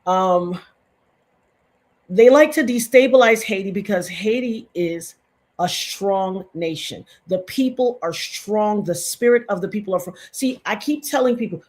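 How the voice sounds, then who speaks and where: A woman's voice: medium pitch, animated, moderate pace, a little mellow. A middle-aged woman giving impassioned, emphatic live-stream commentary to her chat, repeating points for stress.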